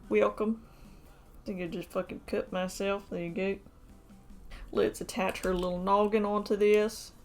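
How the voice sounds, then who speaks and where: A woman's voice: medium pitch, natural voice. Woman doing a crude old redneck uncle. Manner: rambling, crude, deadpan bragging. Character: old retired male war-veteran uncle, gruff and folksy. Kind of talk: live-streamed model kit build, in character.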